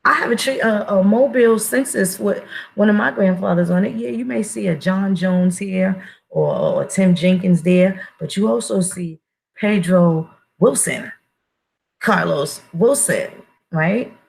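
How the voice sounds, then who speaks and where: A woman's voice: mid-range voice, measured pace, gravelly, low-quality recording. A woman giving a blunt, profane casual monologue as an online commentator, emphatic and full of restarts.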